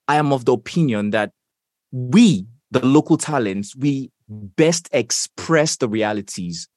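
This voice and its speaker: A young Nigerian man with a Nigerian accent, a voiceover artist answering interview questions in a measured, emphatic way. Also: mid-range voice, dry recording, clean studio sound. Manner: measured, emphatic, stresses key phrases.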